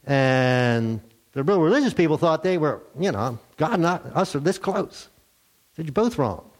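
A man preaching a sermon, telling a story with lively acted-out voices. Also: a little high. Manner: animated storytelling, acts out characters. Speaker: pastor.

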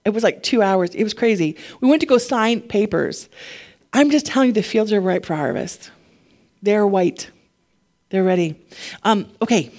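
A woman preaching a casual, conversational sermon, animated and chatty, her voice climbing when she gets fired up. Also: mid-range voice, normal speed.

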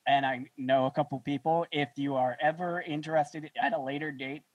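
A laid-back man hosts a podcast in casual conversation. His voice is a bit higher than most men's and sounds close and dry. He often chuckles between phrases. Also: steady tone, normal speed, dry recording, muffled recording. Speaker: podcast host. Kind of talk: casual interview chat.

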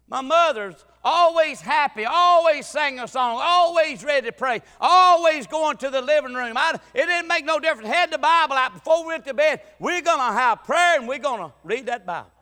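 A man's voice: very high voice, lively intonation, moderate pace, sharp tone, long reverb tail. A man preaching a folksy sermon, telling family stories with emphatic, stammering restarts. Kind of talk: sermon with storytelling.

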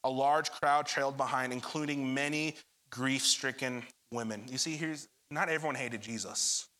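A man's voice: mid-range voice, fairly even intonation, moderate pace, sharp tone. A young adult man preaching a sermon, addressing the congregation directly and retelling scripture with dramatic energy. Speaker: pastor.

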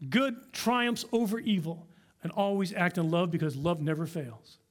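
Earnest high-voiced pastor preaching. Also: male voice. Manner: earnest, exhorting. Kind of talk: sermon. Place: church sanctuary.

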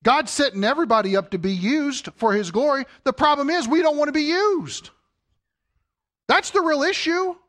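A man's voice: very high voice, normal speed, fairly bright tone. A man preaching a sermon as pastor, emphatic and full of rhetorical questions.

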